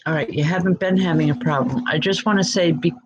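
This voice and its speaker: A woman working as a spiritual medium, giving a live-streamed psychic reading in a reassuring, halting way with frequent ums. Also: deep voice, rough recording. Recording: loud background noise.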